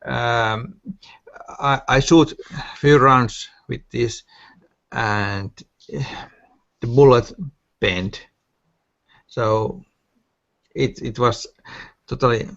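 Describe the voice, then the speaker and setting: A man in a casual online voice chat, talking haltingly and searching for words. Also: medium pitch, fairly even intonation, creaky, fairly bright tone. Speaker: gun owner in an online voice chat. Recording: muffled voice-chat audio.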